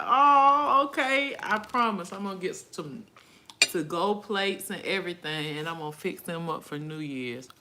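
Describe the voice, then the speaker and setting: Grown woman live on her phone chatting w viewers, outspoken and emotional, bright edge to her voice. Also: low-pitched. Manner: chatty, reads viewer comments aloud and answers them. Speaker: live stream host. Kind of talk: casual live chat with viewers.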